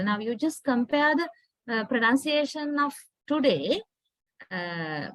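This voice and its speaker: A woman's voice: sits high, no echo, poor audio. A woman from Sri Lanka with a Sri Lankan English accent, giving a classroom lecture and often checking that students follow with "right?". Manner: explanatory, keeps checking understanding with "right?". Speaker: university lecturer.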